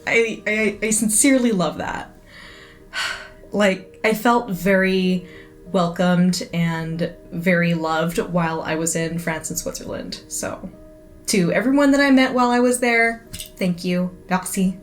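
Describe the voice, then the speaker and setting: A woman's voice: lowish voice, fairly even intonation, unhurried, faint music behind. A woman giving a chatty, enthusiastic casual review, with many fillers. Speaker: absinthe reviewer.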